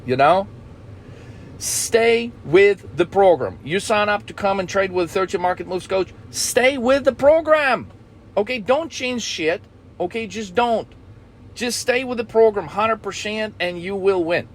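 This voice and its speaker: A male trading coach gives a blunt, swearing motivational talk. He sits a bit higher in pitch than most men. He keeps checking in with "okay?" and hammers the same point until it sticks. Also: moderate pace. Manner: profane, blunt, repeats "okay?".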